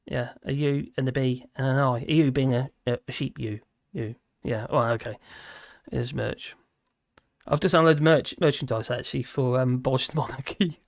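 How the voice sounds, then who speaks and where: A man's voice: medium pitch, vocal fry, sharp tone, no echo, clean studio sound. An English man casually chatting on his live stream, rambling and laughing as he answers viewers' comments. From England. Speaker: livestream host. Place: home in rural France.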